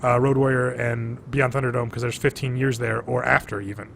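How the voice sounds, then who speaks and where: A man talks animatedly on a casual podcast recorded over drinks. He swears freely, piles on fillers and keeps a middling pitch. Faint noise sits under his voice. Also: level tone, fairly quick, creaky, fairly bright tone. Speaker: podcast co-host.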